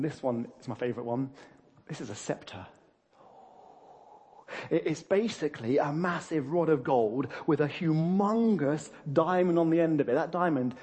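Animated husky man preaching. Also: mid-range voice. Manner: animated, laughing often, many restarts and fillers. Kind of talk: sermon.

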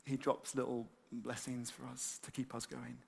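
A man preaching a sermon, animated and conversational, with many fillers and repeated words. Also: mid-range voice, moderate pace, creaky, slightly rough. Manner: animated, acts out excited quotes.

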